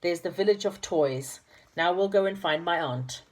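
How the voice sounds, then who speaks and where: A woman's voice: on the low side, normal speed, close to an everyday voice. A woman playing a cheeky saucepan man. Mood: playful. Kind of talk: storybook character voice.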